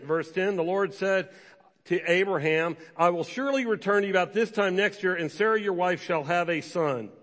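A man with a fairly high voice preaches to his congregation, his words ringing with a long reverb off the hall. He is lively and conversational, jumping into brief acted voices for the people in his story. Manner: animated, acts out biblical characters in quick quoted voices. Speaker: pastor. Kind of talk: sermon.

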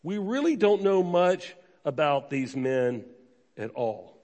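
A pastor giving a sermon, emphatic and conversational, asking the congregation rhetorical questions. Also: male voice, a little high, big pitch swings, takes it slowly, darkish tone, big-room sound.

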